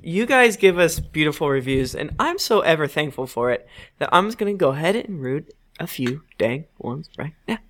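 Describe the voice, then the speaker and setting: Casting: playful woman podcast co-host, bouncy animated delivery, reads reviews with put-on voices. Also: low voice, moderate pace. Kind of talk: casual podcast chat.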